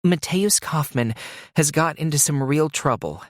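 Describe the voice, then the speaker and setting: A man's voice: on the high side, expressive, unhurried, no room sound, studio quality, voice pushed up. A man voicing a determined young woman who presses her case with tense urgency. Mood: urgent.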